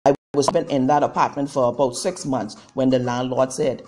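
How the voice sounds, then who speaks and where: A woman's voice: a bass voice, fairly even intonation, normal speed, dark tone. A woman preaching on a live broadcast as a prophetess, giving a fervent testimony sermon full of repetition and fillers.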